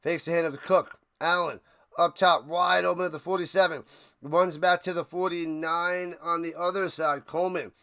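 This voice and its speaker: A man's voice: a little high, steady tone, normal speed, sharp tone, clean tone. A man hosting a live football watch party, calling plays and making chatty, jokey asides. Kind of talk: casual livestream play-by-play.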